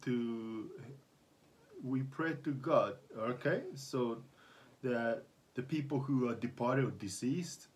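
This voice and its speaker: A man's voice: mid-range voice, takes it slowly. A Christian man co-hosting a casual talk on religion, mostly giving short answers and affirmations. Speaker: Christian co-host of religion discussion. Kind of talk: casual discussion.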